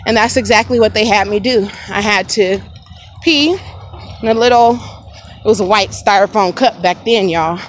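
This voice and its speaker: A woman's voice: medium pitch, normal speed, slight background noise, low-quality recording. A woman vlogger telling a personal story outdoors by a lake, frank and conversational, speaking straight to her viewers. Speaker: family vlogger.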